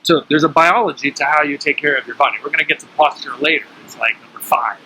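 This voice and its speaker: A man with a highish, bright, husky voice talks quickly and forcefully, teaching breathing awareness to a small group. His casual instruction has a coaching feel, and he often checks in with listeners. The audio is poor.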